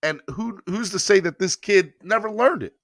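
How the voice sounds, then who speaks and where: A man in his thirties from rural North Carolina, hosting a casual sports podcast and telling stories with animated emphasis. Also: high voice, moderate pace, dry recording, studio quality. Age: 30s.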